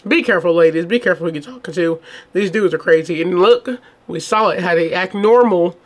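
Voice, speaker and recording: A woman's voice: fairly low pitch, fairly quick. A woman hosting a true crime channel who reads a case report and then reacts in casual, indignant chat full of rhetorical questions. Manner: casual, chatty, addresses viewers as y'all.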